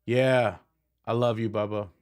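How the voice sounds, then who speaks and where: A man's voice: fairly low pitch, steady tone, unhurried, a little mellow, clear, resonant tone. A middle-aged man and band frontman chatting casually and affectionately to viewers on a live stream, rambling with many fillers.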